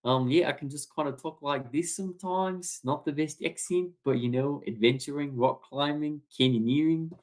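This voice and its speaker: A bright, eager adventurer who is always ready for the next trip, as a man puts him on. He talks in a put-on New Zealand accent, pitched a little higher than the speaker's usual voice, and sounds upbeat and keen. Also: normal speed, hardly any pauses, natural voice. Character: cheerful adventurous male explorer, Safari Sam.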